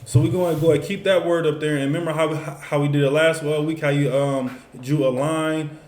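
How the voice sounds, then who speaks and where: A man's voice: a little high, fairly even intonation, brisk, darkish tone. Man leading a class, easygoing and rambling, recorded in a reverberant room. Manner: loose, conversational, many fillers like "you know what I'm saying". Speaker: teacher. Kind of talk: casual classroom instruction. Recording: echoey room with faint noise.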